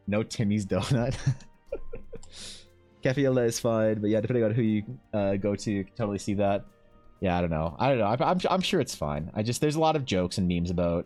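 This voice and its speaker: A young man, streaming and chatting casually with his viewers, rambling and swearing freely. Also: on the low side. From Canada. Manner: rambling, animated, swears freely, lots of fillers.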